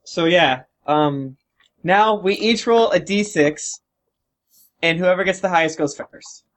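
A man reading out stats and explaining the rules to friends during a tabletop card game, wry and halting. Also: high-pitched, fairly bright tone. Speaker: player leading the game setup. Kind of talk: casual game-night explaining.

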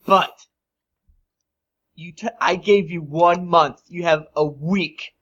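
A man's voice: on the high side, takes it slowly, a bit bright. A man voicing a lazy, scheming male crime boss who makes crude, blustering threats, on a dull lo-fi recording.

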